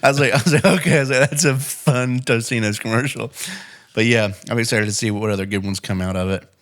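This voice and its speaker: A young man co-hosting a casual podcast chat, telling stories animatedly and acting out quotes in a raised voice. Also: quick pace. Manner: animated storyteller, acts out quotes in high voices. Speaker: podcast co-host.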